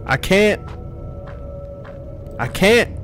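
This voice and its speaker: Loud, animated man cursing through gameplay. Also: high-pitched, extremely slow, faint music behind. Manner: loud, profane, trash-talking reactions. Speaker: gaming streamer. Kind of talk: horror game commentary.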